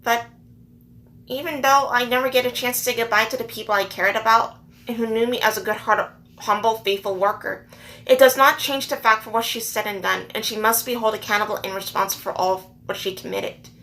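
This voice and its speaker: Upset woman venting, bright high voice. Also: fairly even intonation, a little fast. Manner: earnest, upset, repeats herself for emphasis. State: holding back tears. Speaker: vlogger. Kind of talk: emotional personal rant to camera.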